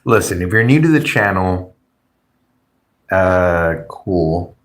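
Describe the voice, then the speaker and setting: A man's voice: deep voice, lively intonation, slow. A man hosting a livestream, rambling and joking crudely while reading chat aloud. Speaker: livestream host.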